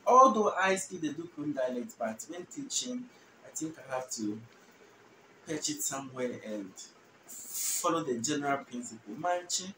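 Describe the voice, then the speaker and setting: A Ghanaian man teaching a language lesson, repeating each phrase slowly and translating it patiently. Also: a little high, sing-song, sharp tone. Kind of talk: relaxed spoken language lesson. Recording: roomy, distant mic with faint noise.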